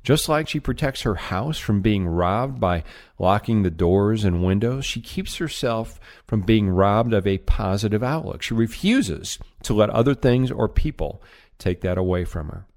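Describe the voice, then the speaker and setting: A middle-aged man giving an energetic, emphatic motivational talk on sales, as a trainer. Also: unhurried. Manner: energetic, emphatic, varies pitch widely.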